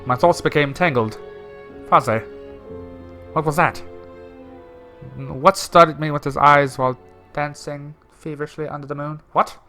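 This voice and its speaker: A young man reading a horror game's text aloud in a theatrical way, with quick joking asides. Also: a little high, fairly even intonation, bright, forceful tone, soft background music. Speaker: gaming video creator.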